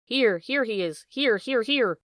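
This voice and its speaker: A woman voicing a small, malevolent hunting dog that yaps and shouts in a frenzy, in a storybook reading. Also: on the high side, expressive, a little slow, no room sound, clean studio sound. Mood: frenzied. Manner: yapping, shouting.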